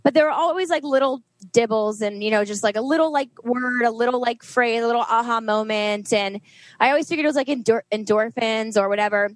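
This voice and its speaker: A woman's voice: fairly high pitch, fairly quick, dry recording, low-quality recording. A woman in her forties telling a personal story in an interview, emotional and rambling, with many "like" fillers. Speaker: guest, trainer and nutritionist. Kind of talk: candid interview conversation.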